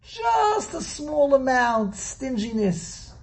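A man teaching a Torah class, lecturing slowly and animatedly, teasing his students and repeating words as he thinks. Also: extremely high pitch, sing-song, slightly rough. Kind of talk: classroom lecture on Hebrew grammar and verses.

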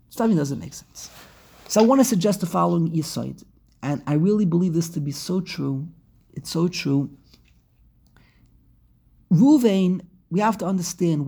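A woman giving an impassioned religious lecture, full of rhetorical questions and swings between hushed and loud. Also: lowish voice, husky. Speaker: Torah teacher.

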